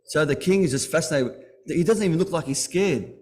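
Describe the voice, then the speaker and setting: A man delivering a Muharram majlis sermon in a fairly high but soft, mellow voice. He talks to the congregation in an easy conversational way, asking them questions as he goes. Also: animated, fairly quick. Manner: retells stories with acted dialogue. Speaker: religious lecturer.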